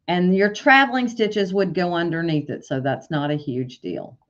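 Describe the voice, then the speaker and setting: A woman with a fairly low voice teaches embroidery software in a step-by-step screen-share tutorial. She corrects her own slips out loud as she clicks through menus. The recording sounds dull and lo-fi. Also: animated, moderate pace. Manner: step-by-step, corrects herself aloud.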